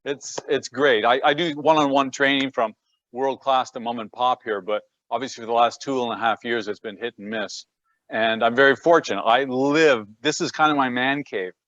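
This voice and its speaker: A man's voice: medium pitch, fairly even intonation, normal speed, fairly bright tone, dry recording. Canadian guy chatting from his home gym, dry sound, a bit dull like a video call. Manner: chatty, self-deprecating, repeats words at starts. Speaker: guest, personal trainer. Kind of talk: casual conversation.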